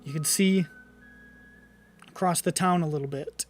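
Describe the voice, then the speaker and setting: A woman game master narrating a tabletop game in a casual, profane way, full of laughs and quick asides. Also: deep voice, soft background music.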